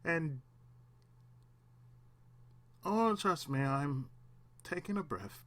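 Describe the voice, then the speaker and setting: Man on the edge of tears, fairly high voice, halting and raw confessional delivery, alone at home. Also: animated, a bit bright. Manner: halting, repeats himself, long pauses, swears. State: on the verge of tears. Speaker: channel host.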